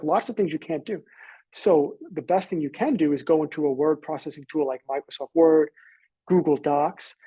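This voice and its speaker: An American man explains things on a live webinar in a relaxed, rambling way, pausing on fillers and restarting his sentences. His voice sits a little higher than most men's, and it is mellow and slightly husky. The recording is dry and close, with no room sound. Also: no echo, rough recording. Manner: casual, loose, filler-heavy explaining. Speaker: webinar presenter.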